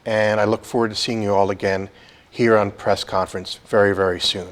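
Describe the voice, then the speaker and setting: A man hosting an interview show, speaking in an earnest, measured way, with fillers and restarts. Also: lowish voice, flat delivery. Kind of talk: interview host wrap-up.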